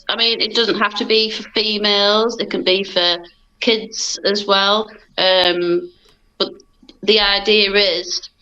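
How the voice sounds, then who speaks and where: A woman's voice: on the low side, sharp tone. A British woman enthusiastically explaining an idea as a podcast guest. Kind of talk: casual podcast chat. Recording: dull, muffled audio.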